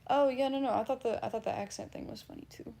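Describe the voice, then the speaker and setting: A woman's voice: fairly high pitch, fairly even intonation, fast talker, vocal fry, mellow. A woman livestreamer casually reading and answering chat, blunt and laughing, swearing freely.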